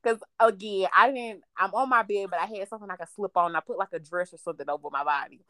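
A woman co-hosting a podcast, telling a story in a profane, animated way and laughing as she goes. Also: medium pitch, fast talker, no echo, clean studio sound. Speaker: podcast co-host. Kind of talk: casual storytelling chat.

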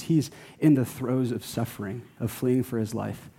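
A man's voice: mid-range voice, moderate pace, gravelly, dark tone, husky, big-room sound. A man preaching a sermon as pastor, earnest and exhorting, and closing in prayer. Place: church.

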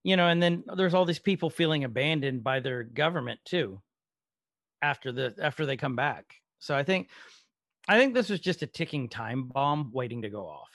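A man co-hosting a casual TV-show podcast, talking in an animated way and laughing often. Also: mid-range voice, normal speed, no echo, studio quality. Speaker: podcast co-host. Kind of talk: casual chat.

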